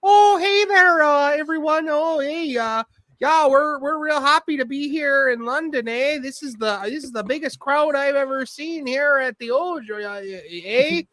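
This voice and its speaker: A man's voice: very high-pitched, sharp tone, no room sound, voice pushed up, heavily acted. A man voicing a folksy, rambling middle-aged woman, drawing out words with lots of "uh" and "eh". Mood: chirpy. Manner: hesitant, drawn-out, full of "uh" and "eh".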